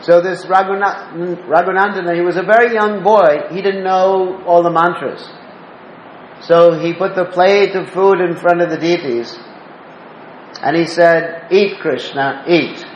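A man's voice: high voice, fairly even intonation, measured pace, slight background noise. A man giving a devotional talk, telling stories and asking listeners questions. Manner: asks the listeners questions, storytelling. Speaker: spiritual teacher. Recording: roomy dull lo-fi recording with faint ambience.

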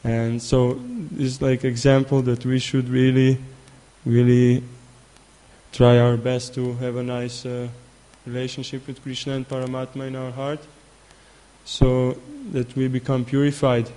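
A man delivers a spiritual sermon, telling a story with frequent restarts and repeated words. His voice sits at an average pitch for a man and barely moves, staying flat and even throughout. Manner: halting, repeats words, many fillers. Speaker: spiritual teacher.

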